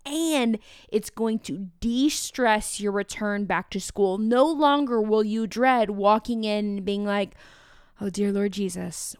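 A woman with a Midwestern American accent hosting a podcast, talking in an energetic, chatty way with playful asides to her listeners. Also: fairly high pitch, clear, resonant tone, no echo, clean studio sound. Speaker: podcast host. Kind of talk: upbeat podcast monologue.

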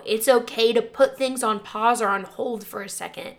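A woman's voice: fairly high pitch, steady tone, normal speed, hardly any pauses. Earnest young woman telling a personal story. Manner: earnest, emotional, frequent "like" fillers. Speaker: teacher and podcast host.

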